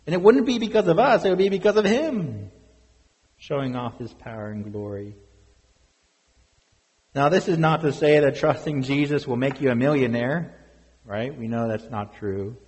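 A man's voice: on the high side, darkish tone, big-room sound, rough recording. A man preaching a sermon as pastor, earnest and full of rhetorical questions to the congregation.

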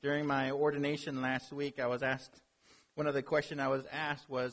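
A man's voice: medium pitch, little pitch movement, moderate pace, gravelly, fairly bright tone. A man preaching a sermon as a pastor, earnest, with rhetorical questions and building emphasis.

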